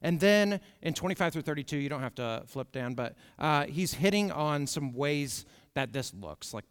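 A man's voice: a little high, big pitch swings, moderate pace, hardly any pauses, smooth. A young man giving a casual, conversational sermon, often checking in with "right?" as he walks through the passage. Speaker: preacher. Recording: long hall reverb.

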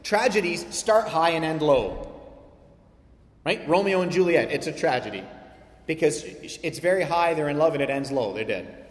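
A man preaching with slightly raised pitch and lots of drive. He swings between loud, punchy lines and hushed asides. The sound rings through a large, roomy hall with a long tail. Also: normal speed. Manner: animated, swings from loud emphasis to quiet asides. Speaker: pastor. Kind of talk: sermon.

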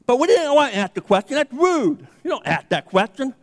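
A man with a high, lively voice preaches a sermon, acting out the voices in his story. Long reverb from a church hall surrounds him. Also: brisk. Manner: animated storyteller, acting out dialogue. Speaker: pastor.

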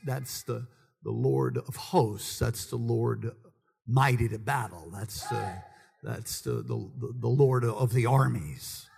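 A man preaching a sermon to his congregation, swinging between calm teaching, humorous asides and loud, high-pitched passionate preaching. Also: gravelly, slightly rough, big-room sound. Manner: builds to loud, high-pitched preaching, then drops low and conversational. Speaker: pastor. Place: church sanctuary with congregation.

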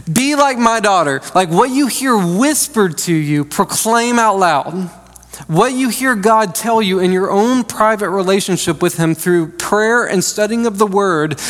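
A man's voice: high-pitched, a bit bright. A man in his thirties preaching a conversational, joking sermon from a church stage, restarting his sentences often. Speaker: pastor. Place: church sanctuary. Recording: long reverb of a large hall.

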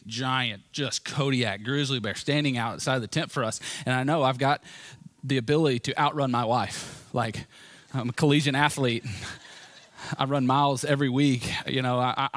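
A man delivers a sermon in an earnest, conversational way, leaning on vivid storytelling. His pitch sits in a middle range for a man, and the sound is dry and close. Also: fairly bright tone, no room sound. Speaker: pastor.

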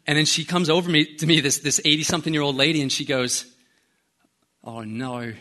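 A young adult male pastor giving a conversational sermon, animated and storytelling with casual slang. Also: a little high, fast.

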